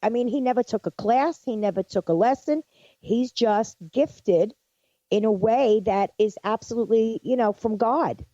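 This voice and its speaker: A woman's voice: fairly high pitch, moderate pace, mellow, dry recording. A woman co-hosting a psychic radio show, speaking earnestly and affirming what others say. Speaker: psychic medium co-host. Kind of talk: casual radio chat. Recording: dull dry lo-fi sound.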